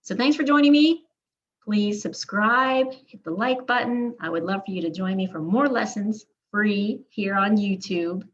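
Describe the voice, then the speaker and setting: Woman language teacher, unhurried and precise, models each word in turn; slightly muffled recording. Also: mid-range voice, slight background noise. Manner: models words one by one in deliberate lists. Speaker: Spanish teacher. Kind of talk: slow, careful pronunciation lesson.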